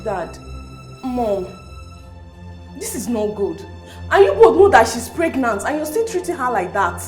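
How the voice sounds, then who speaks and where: A pleading young daughter. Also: female voice, a little high, sing-song, unhurried, a little mellow, reverberant, faint music behind. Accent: Nigerian.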